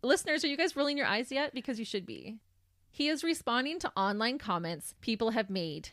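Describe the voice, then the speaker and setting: A woman's voice: on the high side, sing-song, brisk, a bit bright, no room sound, clean studio sound. A woman hosting a podcast, recounting a true crime case in a sardonic storytelling manner. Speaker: podcast host.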